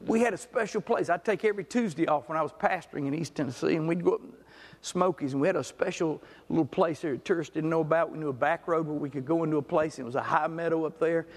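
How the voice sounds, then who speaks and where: High-voiced pastor in a reverberant hall. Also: male voice, fast talker. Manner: folksy, animated storyteller who swings from loud to quiet. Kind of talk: sermon with storytelling.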